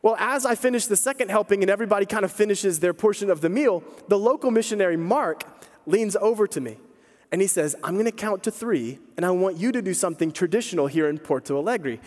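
Man, pastor, sermon, storytelling, high voice, long hall reverb. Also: expressive, quick pace, darkish tone. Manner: storytelling, conversational, emphatic.

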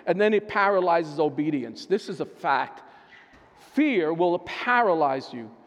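High-voiced man preaching in a reverberant hall. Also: lively intonation, measured pace. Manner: conversational preaching, keeps asking "right?". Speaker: pastor and therapist. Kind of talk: sermon. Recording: long reverb of a large hall.

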